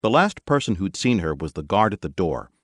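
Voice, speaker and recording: Brief: expressive male audiobook narrator, deep and animated, dry studio read. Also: brisk, no echo. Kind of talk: scripted narration.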